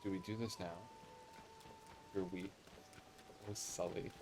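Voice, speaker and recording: This is casual live game commentary from a man with an American accent who talks to viewers with sass and voices the game's lines aloud. His low voice keeps a steady tone, and he takes his time.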